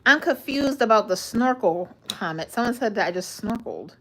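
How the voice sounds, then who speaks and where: Lively giggly young woman. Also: fairly high pitch, moderate pace, a little hiss or hum. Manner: giggly, stumbles over words, answers viewers. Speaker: livestream host. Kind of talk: casual live-stream chat reading comments.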